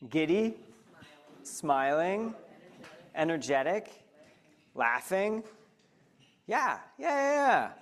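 Animated man speaking to an audience. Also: high-pitched, drawn-out words, long pauses. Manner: animated, addresses listeners directly with questions. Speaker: speaker leading a mindfulness talk. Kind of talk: conversational talk to a live audience.

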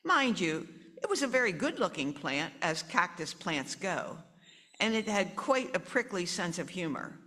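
A woman's voice: fairly low pitch, unhurried. Woman reading a picture book to kids. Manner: animated, chatty asides to kids. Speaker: children's storytime reader.

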